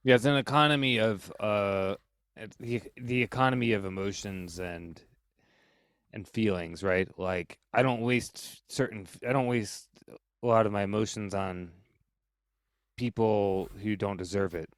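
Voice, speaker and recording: A man's voice: lowish voice, unhurried, clean tone, no echo. A man on a podcast talking casually and loosely, filling his speech with "like" and "you know". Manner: relaxed, heavy on fillers like "like" and "you know".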